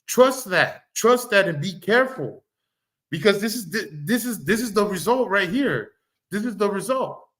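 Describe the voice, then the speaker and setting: Heated, higher-pitched man ranting. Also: expressive, moderate pace, a bit bright. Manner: heated, repetitive, swears freely, stammers and restarts. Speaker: livestream commentator. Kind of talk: ranting commentary on online drama.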